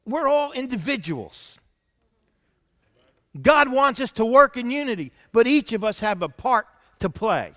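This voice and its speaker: A man preaching a sermon as senior pastor, reading scripture aloud between his own points and dropping to soft asides. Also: extremely high pitch, very animated, measured pace, in a large hall.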